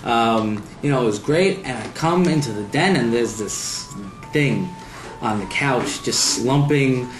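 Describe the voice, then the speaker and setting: A man's voice: mid-range voice, lively intonation, a little slow, over music. Wry young man in a roomy room. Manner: wry, self-mocking humor. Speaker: interviewee, groom-to-be. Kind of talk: casual storytelling interview. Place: apartment room. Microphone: home video camera. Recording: roomy home video with faint noise.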